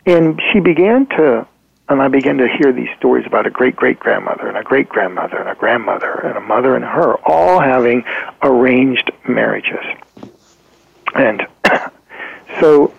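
A man with a deeply gravelly, husky voice tells a client story as an interview guest. He speaks in an earnest, halting way, full of ums and restarts. The sound is dry and tinny, like a phone line. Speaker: guest therapist.

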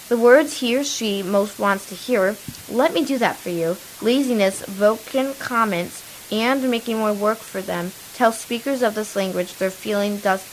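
A woman's voice: medium pitch, fairly bright tone, a little hiss or hum, low-quality recording. A teenage girl co-hosting a kids' radio show, chatty and rambling, with many fillers. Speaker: young co-host. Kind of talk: casual chat.

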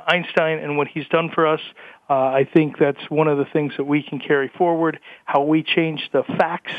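A man joins a radio panel over a tinny phone line, his voice a bit higher than most men's. He talks in a relaxed way, hesitating with fillers. The sound is dry. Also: no room sound. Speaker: panel guest. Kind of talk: casual radio chat.

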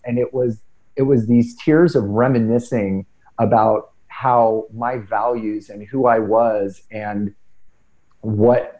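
A middle-aged man telling personal stories in casual conversation, earnest and animated, often restarting his sentences. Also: fairly low pitch, poor audio. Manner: animated, earnest, self-deprecating with frequent restarts. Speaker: podcast guest speaker.

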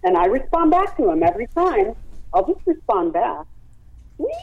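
A woman's voice: fairly high pitch, very animated, normal speed, gravelly, no echo. A woman who runs a parrot rescue, explaining her training at length with examples in a phone-in radio interview. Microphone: telephone. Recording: tinny dry phone line.

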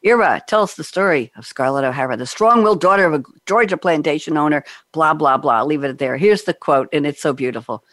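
A woman's voice: low voice, brisk, hardly any pauses, fairly bright tone. A middle-aged woman from New York hosts a radio show over a video call. She talks in a chatty way and laughs at her own jokes. The sound is dry, with no room echo.

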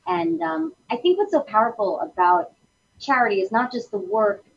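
A bubbly woman guest whose voice swoops up and down a great deal, with a gravelly edge. The sound is dull and lo-fi, with a faint hiss behind her. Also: sing-song, moderate pace. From Italian heritage. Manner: bubbly, effusive, swooping pitch. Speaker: guest, actress. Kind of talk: casual talk show chat.

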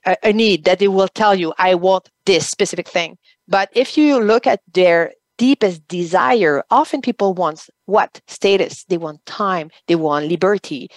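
A woman with a French accent, a guest on a business radio show, speaking haltingly and often restarting as she searches for English words. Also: medium pitch, no echo. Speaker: guest, online business coach. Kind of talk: radio interview.

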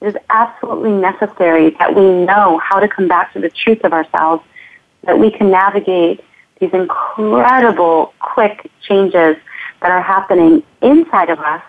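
A woman's voice: mid-range voice, moderate pace. A woman movement teacher speaking as an interview guest, earnest and flowing, often repeating her phrases. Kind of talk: reflective conversational interview. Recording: tinny phone-like line.

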